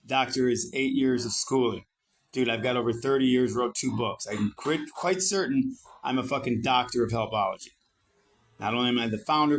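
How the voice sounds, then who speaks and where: A middle-aged man from Italy, talking in a brash, combative monologue full of swearing while he edits his page. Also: medium pitch. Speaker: founder and vlogger. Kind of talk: profane self-promoting monologue while editing a page.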